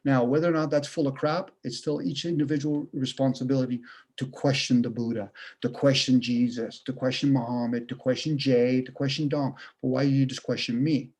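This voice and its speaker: A man with a mid-range, slightly mellow voice talks a little fast in a steady tone. On a video call he rants casually about his views, blunt and profane, firing off one rhetorical question after another.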